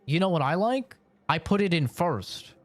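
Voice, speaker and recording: A man's voice: a little high, expressive, moderate pace. A young man streaming, telling a story in casual, rambling talk full of slang and laughs.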